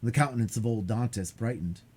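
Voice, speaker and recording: A man streaming live, reading a classic novel aloud in an expressive way with occasional stumbles. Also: medium pitch, brisk, breathy edge. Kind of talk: live read-aloud narration. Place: home streaming setup.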